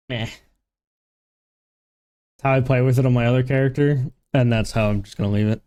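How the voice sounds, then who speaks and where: A man's voice: medium pitch, dark tone. A man streaming a game live, chatting casually, joking, swearing and laughing at himself.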